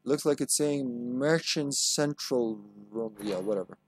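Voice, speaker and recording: A man's voice: medium pitch, a little slow, soft background music. A man giving live gameplay commentary as a streamer, joking crudely and talking back to the game.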